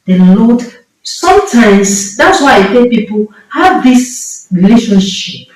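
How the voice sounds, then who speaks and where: A woman's voice: fairly high pitch, sing-song, takes it slowly, darkish tone. Impassioned Nigerian woman preacher, echoey room. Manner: impassioned, emphatic preaching with repeated phrases. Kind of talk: sermon. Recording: echoey room, mic far off.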